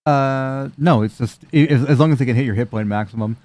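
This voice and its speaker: A man narrating as game master in a tabletop game, an animated storyteller who laughs as he goes. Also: medium pitch, fairly quick, no echo.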